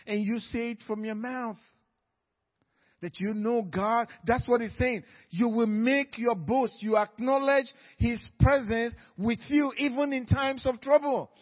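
A man preaching a sermon as pastor, moving from quiet storytelling to loud, fervent exhortation. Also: very high voice. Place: church sanctuary. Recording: church hall reverb, dull lo-fi sound.

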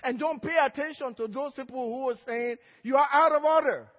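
A male pastor delivering an emphatic sermon and drawing amens from the congregation. His voice is strikingly high for a man. It carries through a long church echo on a muffled, dull recording. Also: a little fast. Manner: emphatic preaching, calls for amen. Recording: dull, echoey church hall.

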